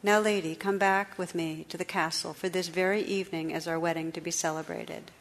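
A woman's voice: on the low side, fairly even intonation, a little fast, natural voice. A woman reading aloud, voicing a gallant young knight who speaks earnestly and ardently. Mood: firm. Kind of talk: storybook read-aloud.

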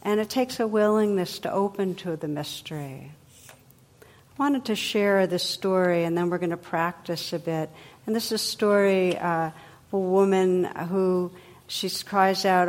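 A woman meditation teacher reading a story aloud in a gentle, unhurried, reflective way. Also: on the low side.

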